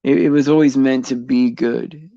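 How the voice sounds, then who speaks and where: A man hosting a casual faith chat on a livestream, rambling and halting with many fillers, restarts and frequent chuckles. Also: medium pitch, steady tone, vocal fry, dark tone, no room sound, dull audio.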